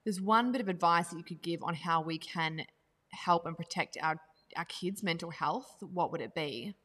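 A woman hosting a podcast, talking fast and animatedly in casual chat. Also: on the low side, fairly bright tone, long reverb tail. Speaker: podcast host.

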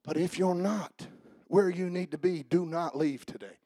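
A pastor in his forties preaching a sermon, rising to shouts and half-sung lines, then dropping to quiet storytelling. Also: high-pitched, moderate pace, no room sound, studio quality. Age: 40s. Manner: shouting and half-singing at climaxes. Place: church.

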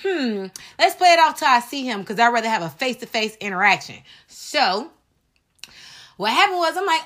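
Woman podcast host, bright voice, slightly high, animated personal storytelling, talks to listeners directly. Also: normal speed.

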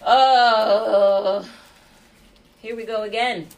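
A woman's voice: on the high side, fairly even intonation, very slow, darkish tone. A young woman and mom rambling in a casual podcast monologue, jittery from too much coffee and laughing often. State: over-caffeinated jitters.

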